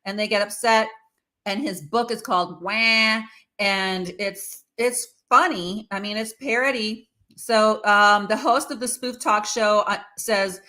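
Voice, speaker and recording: Bright-voiced woman giving chatty commentary. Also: medium pitch, a little slow. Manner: chatty and opinionated, with many fillers. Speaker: host. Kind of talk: casual commentary on celebrity news.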